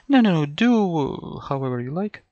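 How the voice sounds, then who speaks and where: A man's voice: a little high, big pitch swings, moderate pace, a little mellow, dry recording, muffled recording. A middle-aged man from Ukraine tutoring for a language test, thinking aloud and repeating words with many fillers and self-corrections. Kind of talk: thinking-aloud lesson over a screen.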